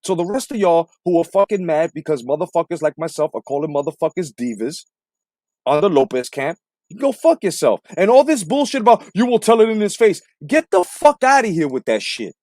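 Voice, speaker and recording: A man's voice: fairly high pitch, very animated, brisk, a little mellow, no room sound, studio quality. A man hosting a boxing commentary stream, ranting in a combative, profane way and repeating himself for emphasis. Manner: combative, repetitive, swearing heavily. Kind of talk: profane live-stream rant.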